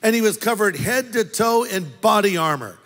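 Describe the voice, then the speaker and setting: A man's voice: high-pitched, animated, moderate pace, fairly bright tone. A man preaching a sermon as pastor, telling a story with playful asides to the congregation. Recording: long hall reverb.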